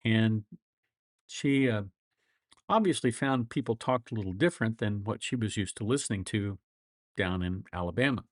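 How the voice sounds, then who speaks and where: A man's voice: fairly low pitch, normal speed, no echo. Chuckling middle-aged man, dry close sound. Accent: flat Midwestern. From grew up all over the world. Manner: rambling, chuckles often, folksy anecdotes. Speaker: lawyer and livestream host. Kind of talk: casual livestream chat.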